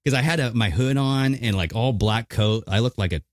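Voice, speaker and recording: A man co-hosting a casual podcast, telling stories with animated delivery and acting out other people's voices. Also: medium pitch, normal speed, no room sound, studio quality. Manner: animated storyteller who acts out voices. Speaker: podcast co-host.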